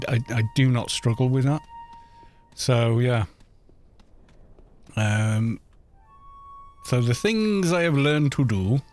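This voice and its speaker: A man's voice: mid-range voice, darkish tone. A middle-aged man with a London accent, chatting in a rambling way with viewers while he streams a game. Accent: London English. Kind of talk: casual chat while gaming.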